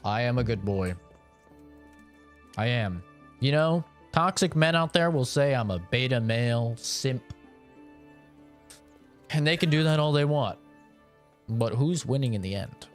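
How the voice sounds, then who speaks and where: A man's voice: mid-range voice, expressive, measured pace, pauses often, soft background music. A young man streaming a game, giving mock-serious life advice in a joking, preachy way. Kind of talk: casual gameplay commentary.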